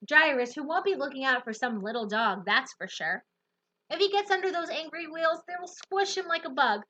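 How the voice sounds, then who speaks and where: A woman reading a novel aloud in the first person, with expressive, lively storytelling. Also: high voice, moderate pace, dull audio. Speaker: audiobook narrator.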